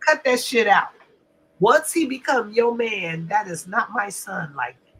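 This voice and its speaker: An older woman hosting a casual live stream, loud and profane, often laughing as she trash-talks. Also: medium pitch, huge pitch swings, slow pace, husky, poor audio. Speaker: livestream host.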